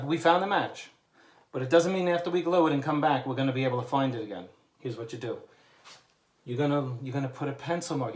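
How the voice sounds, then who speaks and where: A man's voice: mid-range voice, a little mellow. A male wallpaper installer giving a chatty hands-on how-to demonstration, talking to viewers while he works and joking in asides. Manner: talks while working, drifts from the mic. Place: indoor room being wallpapered. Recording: echoey room with background noise.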